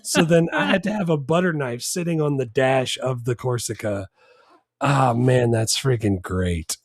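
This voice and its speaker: A man co-hosting a casual movie podcast, excitable and often laughing as he reminisces. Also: mid-range voice, unhurried, no room sound, studio quality. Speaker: podcast co-host.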